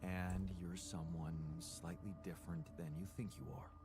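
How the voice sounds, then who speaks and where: An actor playing a patient man in a video game who calmly reassures and guides his newly made double in a measured, soothing way. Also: deep voice, over music, close to an everyday voice. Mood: reassuring. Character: calm male creator, patient, reassuring guide.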